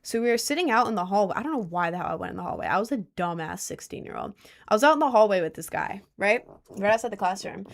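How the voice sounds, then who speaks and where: A woman's voice: medium pitch, expressive, quick pace, gravelly. A young woman telling a casual storytime, rambling with lots of filler words and apologetic asides.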